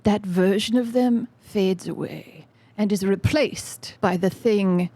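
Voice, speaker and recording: A woman's voice: medium pitch, takes it slowly, warm tone, no echo. A woman doing a lofty lobster literary pundit. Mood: lecturing. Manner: earnest analytical lecturing. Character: giant chittering lobster guest, male, lofty. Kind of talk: podcast book discussion.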